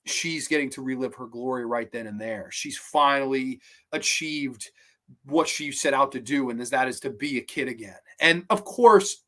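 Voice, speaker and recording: An enthusiastic man talks through a film review in a loose, rambling way. His voice sits at an ordinary middle pitch as he hosts the show. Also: normal speed, bright, forceful tone. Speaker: podcast host.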